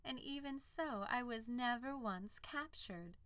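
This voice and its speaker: Woman voicing a proud, shrill unicorn. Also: lively intonation, unhurried, sharp tone, clear, resonant tone, dry recording. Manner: haughty, wondering, flares into shrill outrage. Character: proud ancient female unicorn, regal and indignant. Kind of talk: audiobook character voice.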